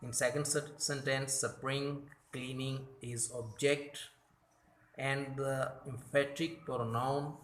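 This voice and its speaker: Male English teacher, very slow and careful, catches his own mistakes, roomy echo. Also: medium pitch, fairly bright tone, slight background noise. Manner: slow and deliberate, corrects his own slips. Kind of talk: grammar lesson explaining slides.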